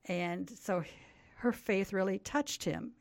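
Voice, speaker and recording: A woman's voice: mid-range voice, slow, gravelly, a little mellow, no room sound. An older woman, a Bible teacher, explaining a scripture story earnestly as a guest on a talk program. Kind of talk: radio interview, storytelling.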